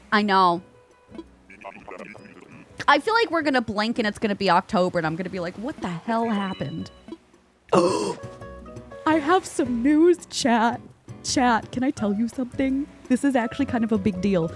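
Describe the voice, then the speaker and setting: A higher-voiced woman from the United States chats on a live stream, answering messages as they come in and leaping up in pitch when something delights her. Soft music plays faintly behind her. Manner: chatty, answers chat aloud, swings up high when excited. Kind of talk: casual live-stream chat.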